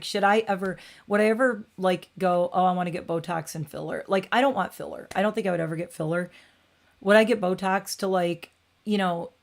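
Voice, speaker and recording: A woman hosting a casual livestream, rambling and opinionated, with frequent "like" and restarts. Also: medium pitch. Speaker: beauty channel host.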